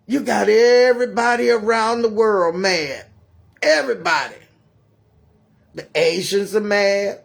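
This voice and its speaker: A man's voice: a little high, takes it slowly, pauses often. A man voicing an older grandmother who prays and preaches her mind, scolding and ranting in a sermon-like way. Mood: indignant. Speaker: storyteller.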